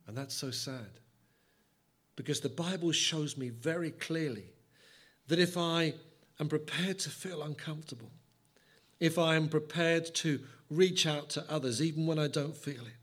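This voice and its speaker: Give me a male preacher delivering a dramatic sermon, shifting from loud to hushed. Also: fairly high pitch, unhurried.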